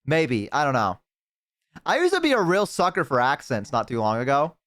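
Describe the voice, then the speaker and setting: A man's voice: mid-range voice, huge pitch swings, moderate pace, fairly bright tone. A man streaming, chatting casually, joking and rambling with crude humor.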